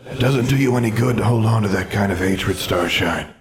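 A man voicing the ghost of an aging wizard in a fantasy audiobook, speaking softly and kindly, trying to placate. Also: fairly low pitch, a little fast, natural voice. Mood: gentle, regretful. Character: gentle regretful ghost of an aging male wizard.

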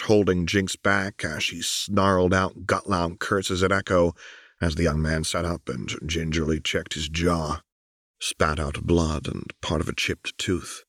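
Deep-voiced man narrating a story. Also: a bit bright, no echo, clean studio sound. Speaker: audiobook narrator.

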